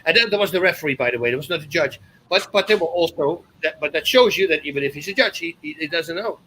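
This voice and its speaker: A man in his fifties from the Netherlands with a Dutch accent, a podcast guest telling animated stories with loud exclamations. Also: on the high side, fast talker, a little hiss or hum, poor audio. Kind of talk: casual storytelling.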